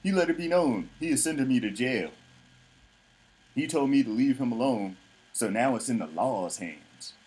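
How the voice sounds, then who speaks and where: A man's voice: mid-range voice, lively intonation, moderate pace, darkish tone, breathy edge, poor audio. A man hosting his own show, ranting in a blunt, mocking, profane way. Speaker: vlog host. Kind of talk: casual ranting commentary.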